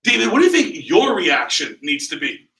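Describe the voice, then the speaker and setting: A man's voice: a little high, moderate pace. Enthusiastic male sales trainer, echoey room. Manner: energetic, enthusiastic, asks the group questions. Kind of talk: training seminar talk. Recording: echoey room, mic far off.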